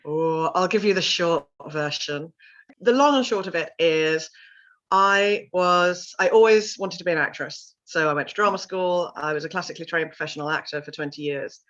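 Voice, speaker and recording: A middle-aged woman with a lowish voice tells her story in an interview, animated and expressive. She is a vocal coach who slips into little voices when quoting people. The audio is somewhat dull and lo-fi. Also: moderate pace. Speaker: vocal confidence coach and sound healer.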